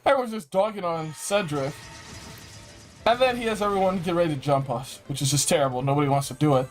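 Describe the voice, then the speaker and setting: A man's voice: fairly high pitch, fast, soft background music. A man casually recapping a video game in a slangy, rambling way, sounding like he has a cold. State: sick with a cold. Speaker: game reviewer.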